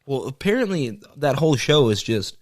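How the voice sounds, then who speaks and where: A man's voice: mid-range voice, normal speed, dry recording, studio quality. A young man co-hosting a podcast, chatting casually and acting out quotes as he tells a story. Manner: animated storyteller, acts out quotes. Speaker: podcast co-host. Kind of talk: casual chat.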